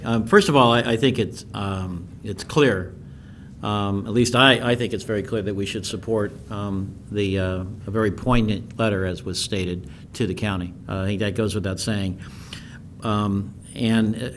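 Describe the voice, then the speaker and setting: A man's voice: lowish voice, slight background noise. A man on a city council speaking hesitantly with frequent ums while deliberating. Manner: hesitant, many ums and uhs. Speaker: council member.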